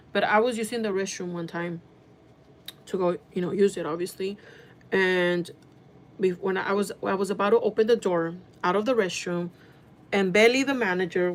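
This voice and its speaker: A woman talking straight to camera in a casual storytime vlog, her voice at a middling pitch. She tells it chatty and animated, with a loose, profane edge, rushing through lines in quick bursts. A faint hum of noise sits under her voice. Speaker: vlogger.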